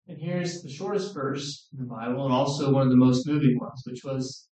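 A man preaching a sermon in an earnest, measured way, quoting scripture. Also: mid-range voice, mellow. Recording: echoey room, distant mic.

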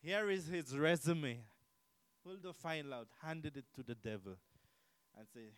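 A man preaching a sermon, asking the listeners questions and repeating key lines, swinging from loud to quiet. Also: fairly high pitch, big pitch swings, normal speed, dry recording, low-quality recording. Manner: emphatic, repetitive, rhetorical questions, swings between loud and quiet.

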